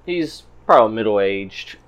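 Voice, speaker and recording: A male game master narrating a tabletop game. His voice sits low and his delivery is easygoing and relaxed. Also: measured pace, lo-fi sound.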